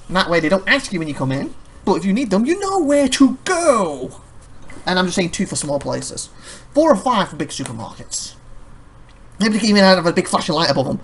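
A man rambling through casual gameplay commentary, chatty and quick to laugh. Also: on the high side, animated, creaky, fairly bright tone, a little hiss or hum. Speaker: let's play host.

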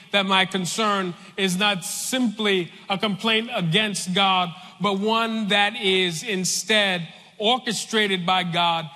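A man preaching a sermon in a large church, slow and deliberate, repeating phrases for weight. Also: high voice, sharp tone, big-room sound.

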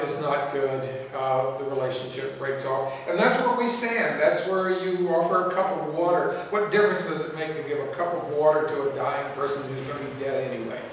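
A priest with a fairly high voice speaks earnestly and reflectively to a church assembly. He asks one searching question after another. He is recorded from far off in a big, echoing hall. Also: normal speed, hardly any pauses. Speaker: priest giving a presentation. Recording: echoey hall from far off with room noise.

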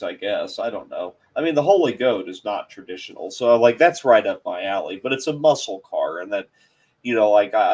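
A man hosts a casual live stream for a car channel, rambling through hesitant, self-deprecating chat. His mid-pitched voice swings up and down a lot. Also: a little mellow, husky.

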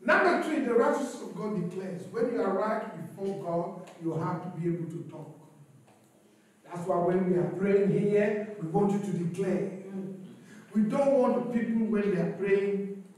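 A man's voice: high voice, normal speed, a little mellow. A man pastor preaching a sermon emphatically, calling for responses from the congregation. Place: church hall. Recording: echoey church hall, distant mic.

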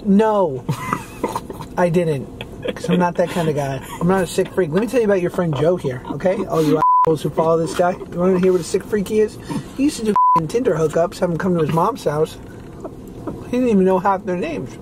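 Male guest, crude comic storyteller, very lively pitch, recorded in a noisy parked car. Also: a little fast. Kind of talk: casual food-tasting chat.

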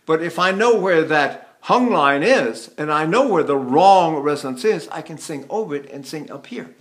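A man's voice: a little high, expressive, moderate pace, a bit bright. An older man from the United States giving a vocal lesson, talking in a rambling way and breaking into sung demonstrations. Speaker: voice teacher.

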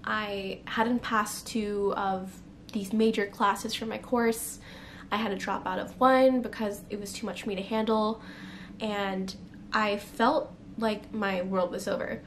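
Near tears at times, a young adult vlogger recounts a personal story to camera, candid and heavy with fillers. Her medium-pitched voice has fairly even intonation and a slightly slow pace over faint background noise.

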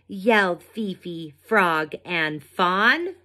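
A woman, a preschool teacher, reading a picture book aloud to young children and pausing for asides to them. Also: medium pitch, lively intonation, fairly bright tone. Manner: slow, drawn-out storytime voice with asides to the children.

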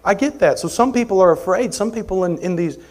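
A man preaching an expository sermon as pastor, conversational, moving between forceful emphasis and quiet asides. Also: sits high, animated, a little fast. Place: church sanctuary.

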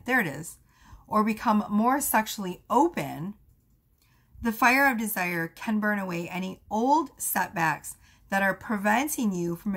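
A woman's voice: medium pitch, fairly bright tone. Rambling woman giving a tarot reading. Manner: rambling, many fillers and asides. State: losing her voice. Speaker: tarot reader. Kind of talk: casual tarot reading monologue.

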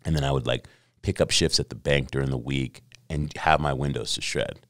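A middle-aged man on a podcast, telling a lively story with lots of swearing and acted-out quotes. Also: very deep voice, brisk, no echo, clean studio sound. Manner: animated storyteller, acts out quotes, swears freely. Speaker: podcast guest. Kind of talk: casual storytelling.

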